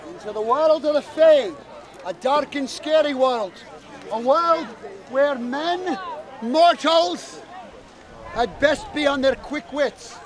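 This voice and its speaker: A man telling a fairy tale live to listeners outdoors, lively and fond of teasing asides. His voice is unusually high for a man, and a faint crowd murmurs in the background. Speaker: storyteller. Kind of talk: live oral storytelling to an audience. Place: outdoor event.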